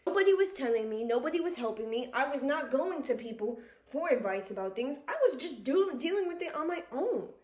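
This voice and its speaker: Talking fairly quickly with few pauses, a young adult woman vlogger has a high, animated voice that's a little mellow, heard in an echoey room. Her confessional to camera about her own struggles is earnest and emotional, full of restarts, fillers, repetition, and constant "like."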